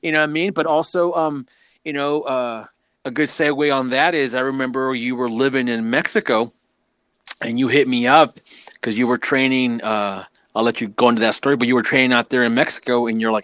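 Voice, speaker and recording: A man's voice: medium pitch, a little fast, dry recording. A man, a wrestling promoter, telling backstage stories in casual chat, laughing and acting out what people said. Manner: animated, laughing, acts out quotes.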